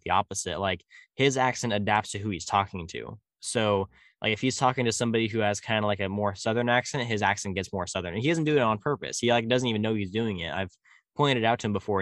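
A man's voice: on the low side, a bit bright, no room sound, clean studio sound. A man from California with a slight country drawl, chatting casually and rambling with many fillers. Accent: rural Californian, slight country drawl. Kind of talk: casual conversation.

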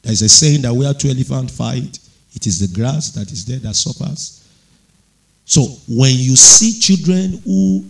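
A man preaches a sermon in an unhurried, deliberate way. His voice has a gravelly edge and a steady middle pitch. He leans into key words and lets his delivery climb into raised, fervent emphasis. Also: low-quality recording. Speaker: pastor.

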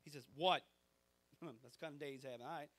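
A man, preaching a sermon in a conversational, animated way, acting out dialogue from his stories. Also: medium pitch, rapid-fire. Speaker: pastor.

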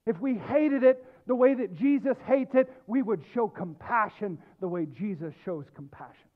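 Pastor guy preaching, real high voice, goes quiet then punches words, sounds like it's over a phone line. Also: expressive, moderate pace. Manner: emphatic, swings between quiet low lines and rising loud stress. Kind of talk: sermon.

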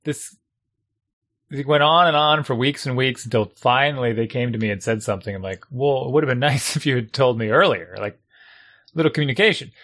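Bright-voiced man in casual chat. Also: medium pitch, a little fast. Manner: animated storyteller, acts out yelled lines. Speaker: youth sports coach and parent.

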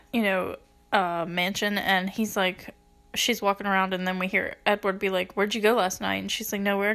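Her voice mid-range and a bit bright, a young movie reviewer casually retells a film one scene at a time. She gushes, leans heavily on "like," and laughs between lines, though she's teary and near tears.

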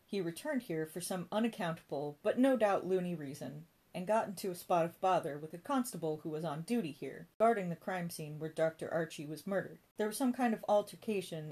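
A woman's voice: lowish voice, a little mellow. A woman reading a storybook voicing a prim, haughty and flirtatious woman behind an admissions desk.

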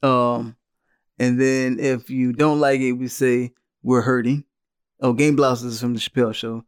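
A man's voice: mid-range voice, level tone, unhurried, clear, resonant tone. Easygoing man podcast host. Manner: easygoing, rambling with fillers and restarts. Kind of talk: casual chat.

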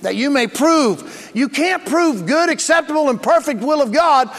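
A man with a strikingly high voice preaches to his congregation, emphatic and plain-spoken. He calls out for responses and leans into key words. The sound carries the long reverb of a large church sanctuary. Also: animated, moderate pace, a bit bright. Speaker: pastor. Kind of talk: sermon.

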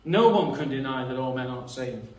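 A man's voice: mid-range voice, lively intonation, a little fast, darkish tone. A man preaching a sermon in an earnest, reasoning way, often repeating words as he thinks. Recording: echoey room, mic some distance away.

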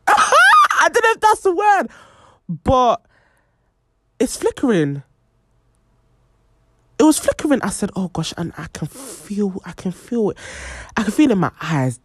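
A woman's voice: mid-range voice, a little slow, long pauses, husky, dry recording. A young woman hosting a podcast, telling a personal story with lots of fillers and acted-out quotes. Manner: animated, many fillers, acts out quoted voices. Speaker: podcast host.

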